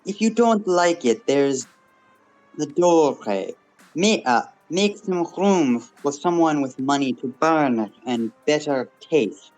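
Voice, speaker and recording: A man's voice: fairly high pitch, animated, a little mellow, faint music behind, poor audio. A man doing a haughty troll gallery lady. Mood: scornful. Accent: put-on French accent. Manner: haughty, drawn-out, condescending. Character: smug female troll art gallery owner.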